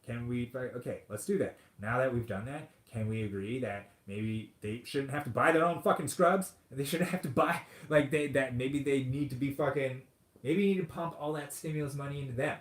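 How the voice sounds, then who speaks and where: A man hosting a podcast, ranting in a comedic monologue, profane and sarcastic, dropping to mutters and then bursting out loud. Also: medium pitch, brisk. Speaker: podcast host. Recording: roomy echo.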